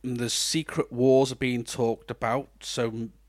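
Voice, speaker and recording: A man's voice: mid-range voice, level tone, measured pace. A man co-hosting a podcast, chatting enthusiastically about films and TV, often restarting sentences. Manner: enthusiastic, rambling with restarts and laughs. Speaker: podcast co-host. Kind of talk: casual chat.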